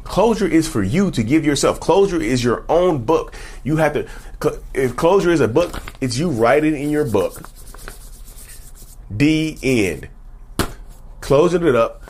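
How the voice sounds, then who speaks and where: A man with a husky voice that swoops up and down as he talks. He lectures his viewers in an emphatic, preachy way and keeps throwing rhetorical questions at them. It is casual, direct-to-camera advice talk. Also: fairly high pitch, a little mellow. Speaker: self-help YouTuber.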